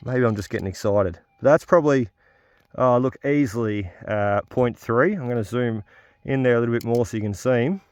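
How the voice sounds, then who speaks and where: A man's voice: medium pitch, a little fast, smooth, no room sound, clean studio sound. Chatty man outdoors in the bush. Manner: chatty, talks straight to viewers. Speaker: metal detecting channel host. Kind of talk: outdoor narration while detecting.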